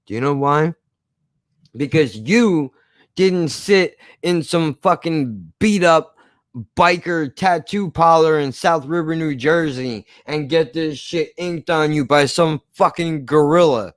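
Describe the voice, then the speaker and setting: A man's voice: on the high side, unhurried, no room sound. Profane, rambling male streamer. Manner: rambling, profane, restarts often. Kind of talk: casual live-stream rant.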